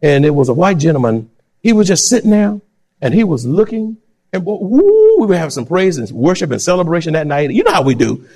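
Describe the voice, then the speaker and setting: Male pastor preaching, high voice jumping all over, acting stuff out and shouting. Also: fairly quick. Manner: animated preaching, acts out voices, breaks into shouts. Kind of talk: sermon.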